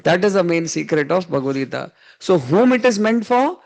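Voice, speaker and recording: A male spiritual teacher with an Indian English accent tells a teaching story in a high, gravelly voice. He chuckles often and drops Hindi words into his English. The delivery is animated and conversational. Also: brisk. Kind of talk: storytelling sermon. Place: evening class.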